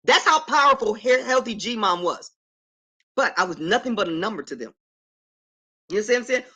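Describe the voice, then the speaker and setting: A woman's voice: a little high, lively intonation, normal speed, bright, forceful tone, husky. A middle-aged woman on a casual live stream from her apartment, talking emphatically and affirming herself while greeting viewers by name.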